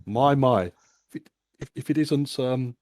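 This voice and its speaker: A man's voice: mid-range voice, a little slow, darkish tone, no room sound, clean studio sound, pitched above the performer's own voice, lightly acted. A man voicing a smarmy, flamboyant male innkeeper who stammers through oily, overly polite welcomes. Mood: fawning.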